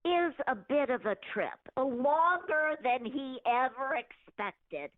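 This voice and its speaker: An older woman telling a family story on a phone call, animated, laughing often and acting out what people said. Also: sits high, slow pace, no room sound. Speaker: mother of the host, phone guest.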